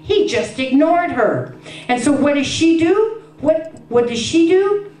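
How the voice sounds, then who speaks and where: A woman's voice: high voice, expressive, a little slow, a little mellow, faint music behind. A woman preaching a fervent sermon to a women's gathering, rising into sing-song passages and dropping in frequent fillers. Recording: echoey room, voice from a distance.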